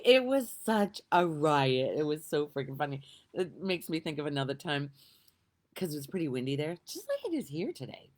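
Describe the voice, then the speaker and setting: A middle-aged woman telling a story in a casual, lively way, laughing often and swearing now and then. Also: low-pitched, a little fast. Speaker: vlogger.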